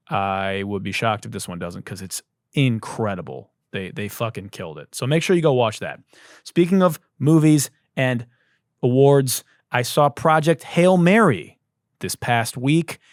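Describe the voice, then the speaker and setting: A man's voice: mid-range voice, no echo, studio quality. Joking, profane man hosting a podcast. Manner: loose, profane, joking storytelling. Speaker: podcast host. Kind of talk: casual comedic monologue.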